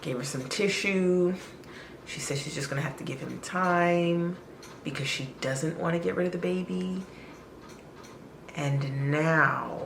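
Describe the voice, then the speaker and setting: A woman telling a personal story in a chatty, expressive vlog style, leaning hard on words for emphasis. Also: low voice, slow, creaky, reverberant, slight background noise.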